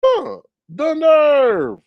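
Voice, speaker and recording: A man's voice: extremely high pitch, wildly swooping pitch, very slow, highs cut off, heavy background noise. A man telling a story in casual commentary, gossipy, with dramatic exclamations. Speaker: commentary vlogger.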